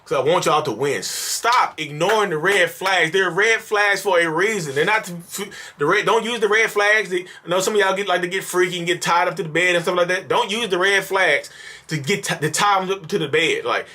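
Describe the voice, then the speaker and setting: A man's voice: high-pitched, brisk, sharp tone. A man ranting in an exasperated, repetitive, pleading way at his viewers in a vlog monologue, calling them y'all. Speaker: mental health vlogger.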